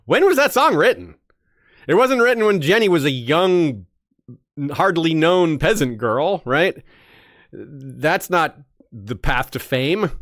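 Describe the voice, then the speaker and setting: A man co-hosting a podcast, discussing story lore in a casual, animated way and teasing his co-host with frequent laughter. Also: medium pitch, no room sound, clean studio sound.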